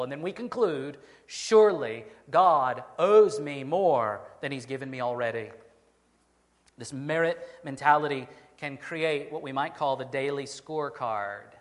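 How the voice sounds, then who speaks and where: A man preaching a sermon as pastor, earnest, slowing down to stress key phrases. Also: a little high, fairly bright tone, in a large hall.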